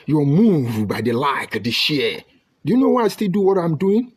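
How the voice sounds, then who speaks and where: Husky Nigerian man lecturing emphatically. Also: on the high side, lively intonation, normal speed. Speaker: political commentator. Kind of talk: political commentary monologue.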